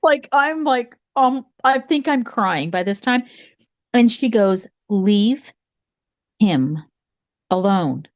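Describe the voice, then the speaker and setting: A middle-aged woman recounts a ghost story in relaxed conversation, her voice leaping up whenever she acts out what people said. The sound is dry and a bit dull, close to the mic with no room around it. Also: takes it slowly, no room sound. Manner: animated, acts out quotes with big pitch jumps. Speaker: podcast co-host, psychic. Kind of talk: casual storytelling chat.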